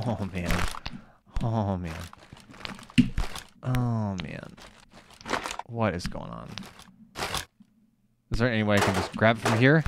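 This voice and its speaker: A man giving let's play commentary, excitable, swearing and scolding himself out loud as he plays. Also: lowish voice, slow, pauses often, very noisy. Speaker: gamer playing a video game.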